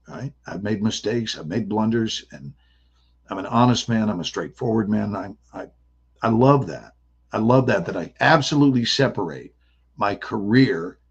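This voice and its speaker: Gravelly, husky man telling stories. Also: on the low side, dull audio. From American South. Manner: playful, animated, slips into character voices. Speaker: actor guest. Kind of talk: casual interview storytelling.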